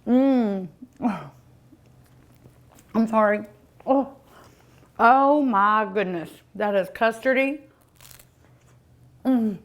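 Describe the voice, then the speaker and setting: A woman's voice: a little high, extremely slow, long pauses. A woman hosting a cooking show, tasting food in casual commentary, savoring each bite with delighted hums and exclamations.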